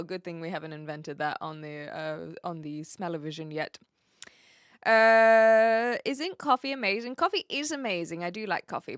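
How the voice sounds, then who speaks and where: A woman's voice: fairly low pitch, fairly bright tone, no room sound, clean studio sound. A woman from New Zealand with a light Kiwi accent, chatting casually with viewers on a live stream, laughing often as she answers their messages.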